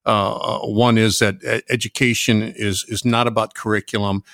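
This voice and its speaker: An older retired man, a former welding instructor and now a pastor, talking earnestly with many halting restarts. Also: fairly low pitch, little pitch movement, vocal fry, fairly bright tone, no room sound, clean studio sound. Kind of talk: reflective conversation.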